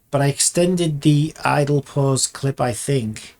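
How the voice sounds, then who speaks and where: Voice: medium pitch, slow pace, darkish tone. A game developer vlogging while working, muttering and swearing in constant exasperation, often trailing off and restarting sentences. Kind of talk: casual dev vlog commentary while working.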